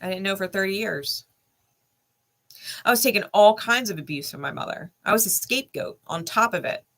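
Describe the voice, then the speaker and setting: A woman's voice: medium pitch, brisk, a bit bright, slight background noise. A woman in her thirties telling a personal story candidly, blunt and emphatic with heavy swearing. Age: 30s. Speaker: spiritual channel host.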